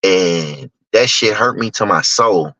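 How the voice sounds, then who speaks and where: Emphatic man with a bright low voice. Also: animated, slow pace, no echo. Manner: emphatic, candid, acts out other people's lines. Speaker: guest speaker, investor. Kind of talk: personal storytelling talk. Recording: dull lo-fi dry recording.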